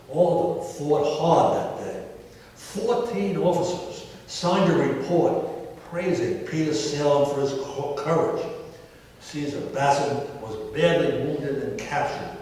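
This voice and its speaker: A man's voice: mid-range voice, darkish tone, slight background noise. An older American man, a historian, telling history as a lecture with wry storytelling asides. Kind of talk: public history talk. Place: historic hall, indoors. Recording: echoey hall from far off.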